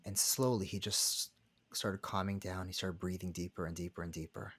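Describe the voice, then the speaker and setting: A man, a rabbi and counselor, telling a personal story as a podcast guest in an earnest, halting way. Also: deep voice, flat delivery, fairly bright tone, breathy edge, no room sound. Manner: earnest, halting, many restarts. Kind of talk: conversational storytelling.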